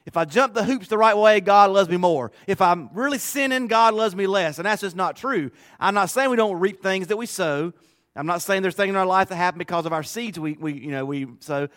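A man's voice: high voice, fairly quick, a bit bright, no echo, clean studio sound. A male pastor preaching a sermon in a conversational, emphatic way, often repeating phrases.

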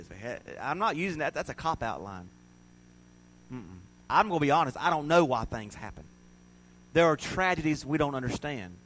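A man preaching a sermon, swinging from loud, animated storytelling to soft, hushed reflection. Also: mid-range voice, a little hiss or hum, rough recording. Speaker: pastor.

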